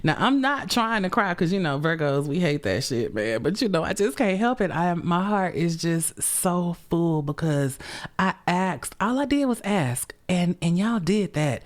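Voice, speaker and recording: Tired sassy woman podcaster, low voice, cussing and calling everybody honey. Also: normal speed. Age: middle-aged. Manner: sassy, expressive, swears freely, calls listeners honey and y'all. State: tired and run down. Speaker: podcast host. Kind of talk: casual chat.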